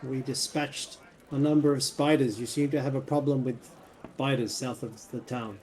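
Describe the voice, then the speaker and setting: A man playing a tabletop game, speaking in terse, gruff in-character statements. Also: mid-range voice, steady tone, normal speed, darkish tone, a little hiss or hum, low-quality recording. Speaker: player.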